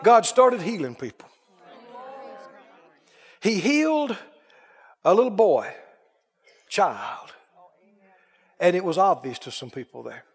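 High-voiced, unhurried male preacher. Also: sing-song, slightly rough, big-room sound. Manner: folksy storytelling building to fervent preaching. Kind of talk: sermon with storytelling.

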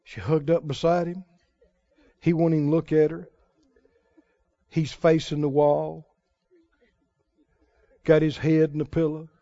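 High-voiced, slow, dramatic preacher man. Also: flat delivery, no room sound. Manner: dramatic, swings from booming to hushed. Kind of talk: sermon. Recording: dull lo-fi, dry sermon recording.

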